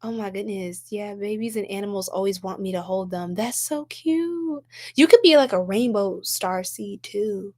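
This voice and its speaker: A woman's voice: medium pitch, normal speed, warm tone. A young adult woman hosting a psychic livestream, reading viewer comments in a casual, bubbly, effusive way and laughing often.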